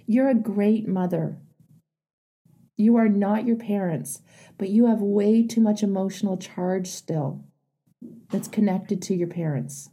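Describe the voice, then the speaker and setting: A woman's voice: medium pitch, measured pace, mellow, breathy edge. A woman coach leading a live group session, directing and encouraging a participant.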